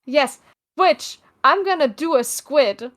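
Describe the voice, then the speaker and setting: High-voiced flustered woman player. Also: lively intonation, takes it slowly, a bit bright. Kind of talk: playing a tabletop game.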